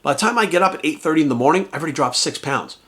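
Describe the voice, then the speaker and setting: A man talking as a bodybuilding coach in a casual vlog rant, animated and swearing constantly, tossing in rhetorical asides. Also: fairly high pitch, rapid-fire. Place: at home.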